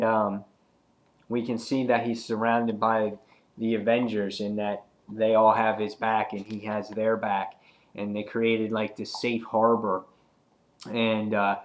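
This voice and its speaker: A man casually recapping a comic book issue, rambling and filling gaps with um and uh. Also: lowish voice. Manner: rambling, filler-heavy retelling with acted quotes.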